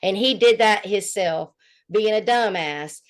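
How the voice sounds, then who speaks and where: A woman from Alabama with a Southern accent, co-hosting a casual gossip chat and telling stories in a mocking, animated way. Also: medium pitch, measured pace. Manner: animated, mocking storytelling with laughter. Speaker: co-host.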